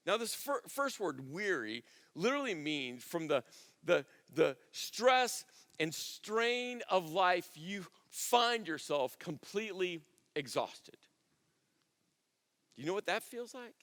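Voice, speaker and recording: High-voiced preacher in a reverberant hall. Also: male voice, big pitch swings, a little slow. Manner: conversational preaching, repeats phrases, drops to near-hush on key words. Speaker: pastor. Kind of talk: sermon.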